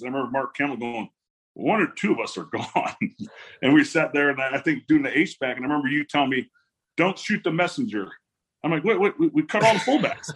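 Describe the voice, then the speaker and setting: A man in his forties with a slightly raised, husky voice recounts stories in a relaxed interview. He acts out other people's lines and laughs often as he goes. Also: fairly high pitch. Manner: animated storyteller who acts out quotes and laughs often. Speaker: guest, former pro football player. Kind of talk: casual storytelling interview.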